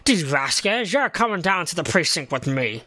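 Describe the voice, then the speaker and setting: A man voicing a gruff male police detective in a video game, blunt in manner. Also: a little high, big pitch swings, normal speed, bright, forceful tone, heavily acted.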